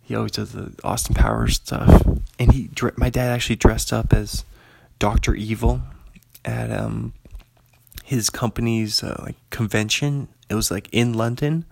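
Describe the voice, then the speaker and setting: A man's voice: on the low side, lively intonation, moderate pace, creaky, a little mellow. A young man rambling casually through a film list, chatty and digressive, reading listings aloud and laughing often. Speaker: commentator reviewing an actor's films.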